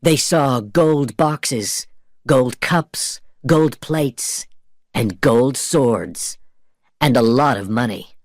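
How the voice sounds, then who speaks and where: A man reading a story aloud for English learners, slowly, clearly and expressively. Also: mid-range voice, dry recording, clean studio sound. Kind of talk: slow scripted story narration.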